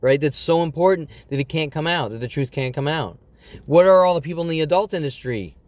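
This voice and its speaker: A man's voice: fairly high pitch, a little mellow, no echo. A man in his twenties in a rambling monologue vlog, talking in an agitated, repetitive rant full of fillers and restarts. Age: 20s. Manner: halting, full of fillers and self-corrections.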